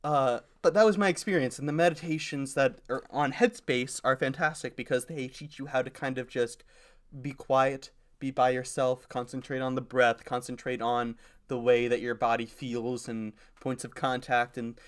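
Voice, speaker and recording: A man's voice: medium pitch, fairly even intonation, normal speed, clean tone. A young man co-hosting a podcast in casual chat, rambling with lots of fillers. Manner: rambling with many fillers and laughs. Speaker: podcast co-host.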